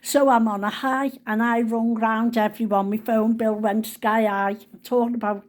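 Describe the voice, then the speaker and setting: A woman's voice: on the high side, level tone, moderate pace, darkish tone. Chatty woman in her sixties. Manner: chatty, homely dialect. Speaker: storyteller. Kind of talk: casual personal storytelling.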